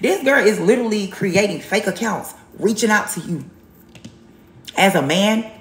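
A woman's voice: medium pitch, expressive, normal speed, roomy sound, slight background noise. A woman giving a live tarot reading, blunt and sassy, repeating herself for emphasis. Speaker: tarot reader on a livestream.

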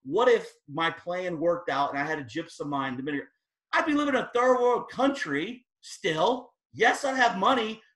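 Energetic man giving a motivational talk. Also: high voice, measured pace. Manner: energetic, storytelling, rising to emphatic peaks. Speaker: guest speaker at team training. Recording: echoey room.

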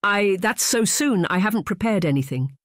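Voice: mid-range voice, moderate pace, no room sound, clean studio sound, natural voice. An audiobook narrator voicing a shy young lady artist with a hesitant manner. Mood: timid.

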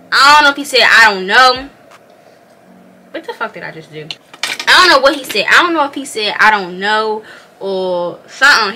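A young woman with a bright, slightly high voice tells her story to the camera while doing her makeup. She talks in an animated, slangy way and keeps addressing her viewers directly. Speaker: vlogger.

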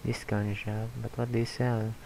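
A pushy bargain-shop keeper hawking goods in a game, as a man reads him out. The voice sits low, flat and gravelly, with a faint hiss under it. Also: normal speed, rough recording. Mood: salesy. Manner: salesy pitch, read aloud from game text.

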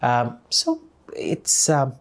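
A man's voice: mid-range voice, wildly swooping pitch, drawn-out words, a bit bright. A man, a podcast guest talking in a blunt, scornful and profane way. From India. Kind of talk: opinionated conversation.

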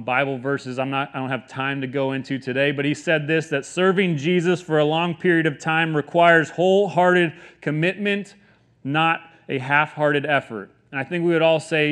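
Male pastor in his thirties, sermon delivery, earnest and conversational, slightly high voice. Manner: earnest, conversational, swings from quiet to emphatic.

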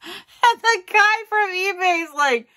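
A middle-aged woman who resells vintage goods tells a story in a casual vlog, speaking slowly in a very high-pitched voice. She's animated and self-mocking, laughing frequently.

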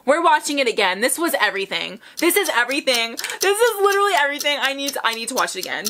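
A young woman hosting a music video reaction, gushing with excited squeals and gasps as loud music plays behind her. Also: on the high side, fast talker. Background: loud music video playing.

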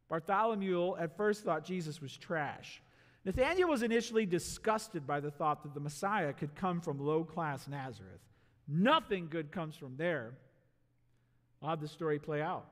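A male pastor preaching a sermon in a church, animated, asking the congregation questions and acting out voices. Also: on the high side, normal speed. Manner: animated, acts out voices and asks the crowd rhetorical questions. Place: church sanctuary. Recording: long hall reverb in a church.

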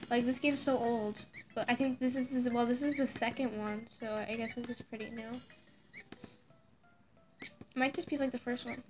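Casual woman vlogger, chatty, fairly high voice, soft music behind her. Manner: chatty, coos at a pet in the game. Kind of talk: casual gameplay chat.

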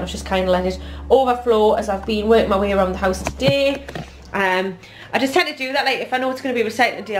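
A woman's voice: mid-range voice, slight background noise. A woman in her thirties with a Geordie accent, chatting upbeat to viewers in a casual family vlog filmed on a handheld camera at home. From North East England. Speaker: family vlogger, mum.

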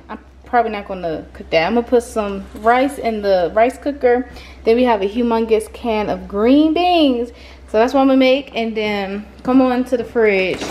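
A woman's voice: on the high side, noisy background. Chatty young woman cooking at home. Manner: chatty, talks to herself while cooking. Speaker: vlogger. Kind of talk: casual cooking vlog chat. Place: home kitchen.

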